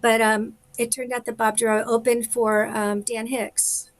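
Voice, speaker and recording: A woman with a slightly high voice, talking on a live video call. She tells a story in a casual, animated way, with quick asides and laughs. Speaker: singer, guest. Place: home, live video stream.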